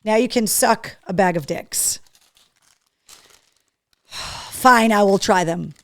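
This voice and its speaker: A woman hosting a casual live show, chatty and excitable, talking to her dog between opening gifts from fans. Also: mid-range voice, slow pace, no room sound. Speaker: host.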